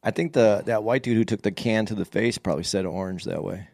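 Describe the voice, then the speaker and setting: A man in a podcast chat, speaking in a measured way as he calmly pushes back on his co-host. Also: on the low side, creaky, no room sound, clean studio sound. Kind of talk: casual chat.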